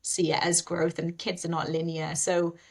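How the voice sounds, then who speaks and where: A woman's voice: fairly low pitch, moderate pace. A woman, a mother and podcast guest, telling candid stories in casual chat with laughs. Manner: candid, animated storytelling with laughs. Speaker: mother of two.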